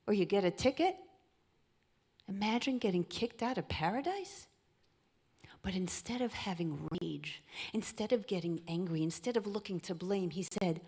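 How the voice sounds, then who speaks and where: A woman giving an inspirational talk at a deliberately slow pace. Her voice is husky and soft, and she often sinks into an intimate near-whisper to draw listeners in. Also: mid-range voice, animated. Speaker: speaker at a charity event.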